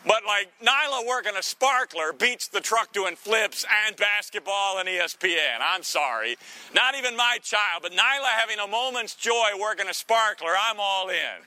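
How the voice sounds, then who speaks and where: A man preaching a sermon in a teasing, conversational way, full of quick asides to the congregation. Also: high voice, animated, sharp tone. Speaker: pastor.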